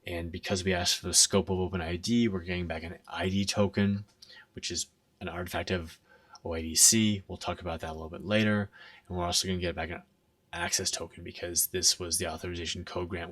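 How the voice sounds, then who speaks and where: Man, conference talk, very low voice, dry distant sound, explanatory. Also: little pitch movement, a little fast, a bit bright, no echo. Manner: explanatory, conversational, checks in with "right?". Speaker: conference speaker.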